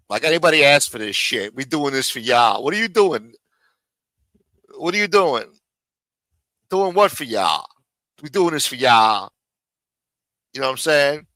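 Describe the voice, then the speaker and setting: Stream host, male, profane and mocking, forceful dry delivery. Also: medium pitch, expressive, normal speed, long pauses, no room sound. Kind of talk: live stream reaction commentary. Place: home studio.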